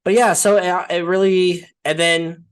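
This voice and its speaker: This young man's voice is high, clean and level, and he speaks unhurriedly while co-hosting a podcast. He rambles casually about film, peppering everything with fillers like "like" and "right?"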